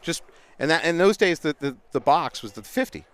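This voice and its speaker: Smooth-voiced New man telling stories. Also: fairly high pitch, fairly quick. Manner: animated, laughing storyteller. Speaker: paintball commentator. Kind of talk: casual storytelling on a livestream. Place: outdoors at a paintball event.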